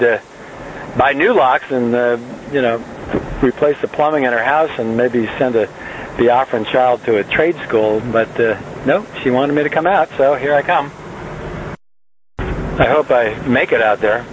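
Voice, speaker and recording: A man's voice: mid-range voice, noisy background. A man in his fifties rambles through dry jokes and gripes, stopping often on "uh." His voice sits in an ordinary middle range, captured on a little handheld recorder while he drives and walks outside. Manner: dry, joking, full of uh fillers. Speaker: locksmith podcaster. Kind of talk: rambling comic monologue. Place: driving a van, then hiking outdoors. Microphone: small handheld digital voice recorder.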